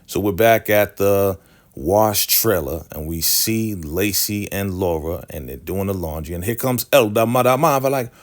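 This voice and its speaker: A deep-voiced man walks through a TV episode in a casual recap, slangy and chatty. He keeps tossing in asides as he retells each scene, sounding like a friend catching you up. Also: measured pace. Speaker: recap show host.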